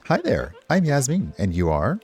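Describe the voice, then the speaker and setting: A man's voice: medium pitch, huge pitch swings, normal speed, a little mellow, soft background music, pitched above the performer's own voice. A man voicing a young woman villager in a cosy video game, sweet on the surface but selfish. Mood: sugary. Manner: sugary politeness.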